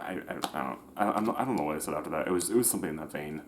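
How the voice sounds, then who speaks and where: A man's voice: very deep voice, rapid-fire, few pauses, a little hiss or hum. A man telling a personal story in a casual, rambling way, often restarting and correcting himself, with slangy everyday talk. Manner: slangy, conversational.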